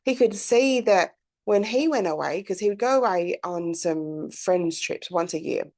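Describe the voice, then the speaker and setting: A woman's voice: on the low side, expressive, unhurried, darkish tone. A woman, hosting her own podcast in a candid, chatty monologue full of fillers and the odd swear word. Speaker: podcast host. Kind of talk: casual reflective monologue.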